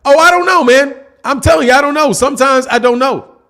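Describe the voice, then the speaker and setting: A brisk man with a very high-pitched, sharp voice hosts a boxing channel. He gives casual livestream commentary, speaking to his chat in slang and repeating things for emphasis.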